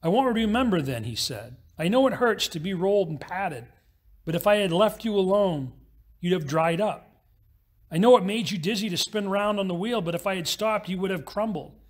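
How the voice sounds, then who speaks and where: A man preaching a sermon as pastor, telling a parable with quick, acted-out voices. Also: sits high, lively intonation.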